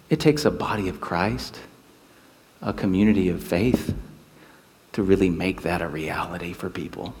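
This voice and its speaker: In a large hall, a pastor with a low voice preaches a sermon built on stories. He tells them with animation, acting out the quotes.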